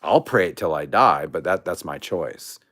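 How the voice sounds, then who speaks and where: A man's voice: sits low, moderate pace. A man hosting a casual livestream, out of breath and rambling with many restarts. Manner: rambling, animated, restarts often. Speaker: livestream host.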